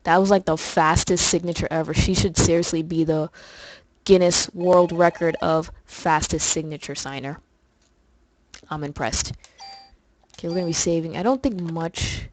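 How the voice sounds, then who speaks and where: A young woman doing casual, rambling commentary over gameplay, often restarting her sentences. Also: sits low. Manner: chatty, rambling, full of fillers. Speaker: let's play host.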